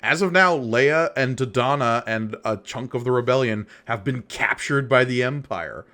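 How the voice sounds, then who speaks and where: A man's voice: medium pitch, normal speed. A man co-hosting a podcast, casually recapping a comic book page by page. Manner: relaxed, recaps the story page by page. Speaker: podcast co-host.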